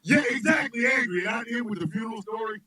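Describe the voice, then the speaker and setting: A man hosting a radio show, chatting loosely and telling comic stories, laughing often and shouting his punchlines. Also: very high-pitched, quick pace, breathy edge, no room sound, low-quality recording. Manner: loud, laughing, animated storyteller who shouts punchlines. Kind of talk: loose comedic chat with storytelling.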